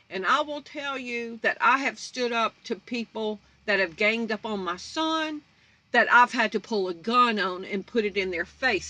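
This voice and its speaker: A woman's voice: a little high, pushed and bright, dry recording. A woman, hosting her own channel in a blunt, confrontational vlog rant. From North Baton Rouge, Louisiana. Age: 50s. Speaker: channel host. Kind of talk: fiery vlog rant to viewers.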